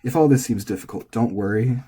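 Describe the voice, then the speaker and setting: A man teaching pitch in a relaxed, casual lesson, thinking aloud as he goes. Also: brisk, husky. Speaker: language teacher.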